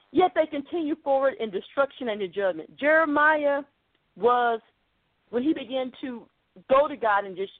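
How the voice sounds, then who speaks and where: Woman preacher, fairly high voice, earnest conversational sermon, dry tinny phone-line sound. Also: no room sound. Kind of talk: podcast sermon.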